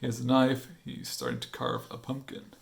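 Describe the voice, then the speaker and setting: A man chatting in a casual vlog, excitable and quick to restart his sentences, with some swearing. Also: mid-range voice, creaky, husky. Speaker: comic artist vlogger. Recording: faint guitar music behind.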